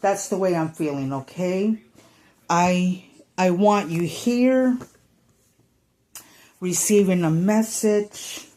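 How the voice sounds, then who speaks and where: Female tarot reader, unhurried, chatty and informal, speaking directly to viewers. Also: lowish voice, dark tone. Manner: chatty, many fillers, acts out quoted thoughts. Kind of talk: casual tarot reading to camera.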